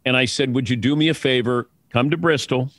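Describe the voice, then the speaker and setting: A man, a sportscaster, telling anecdotes in an interview in a relaxed way. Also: medium pitch, a little fast, dry recording, clean studio sound. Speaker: guest, sportscaster.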